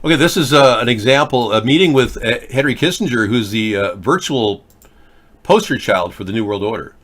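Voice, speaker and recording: A man's voice: medium pitch, lively intonation, brisk, a bit bright, a little hiss or hum. A man in his fifties hosting a political chat show, talking in a rambling way with frequent hesitations. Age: 50s. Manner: rambling, many hesitations and restarts. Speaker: host. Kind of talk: casual political commentary.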